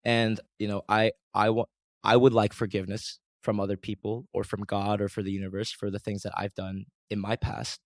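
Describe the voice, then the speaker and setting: Earnest, preachy man with a low voice. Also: little pitch movement, a little fast, no room sound, clean studio sound. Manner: earnest and preachy, mimics his angry self in a raised voice. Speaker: podcast host. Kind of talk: reflective monologue.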